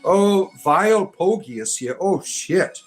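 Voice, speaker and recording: A man hosts a livestream and argues back at the chat in a mocking, combative way. His voice sits a little high for a man. Soft music plays faintly underneath. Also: lively intonation, slow, slightly rough. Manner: combative, mocking, repeatedly says "right?". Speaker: livestream host.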